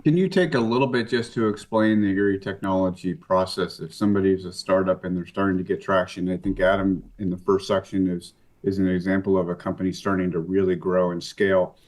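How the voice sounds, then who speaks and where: A male host putting questions to a guest, starting haltingly and then asking steadily. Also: deep voice, steady tone, darkish tone. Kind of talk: interview questions.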